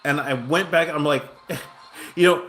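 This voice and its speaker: A man's voice: on the high side, slow pace, sharp tone. A man telling a long personal story in a casual, rambling way while he plays a game, with lots of restarts, asides and self-mocking jokes. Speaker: gaming streamer.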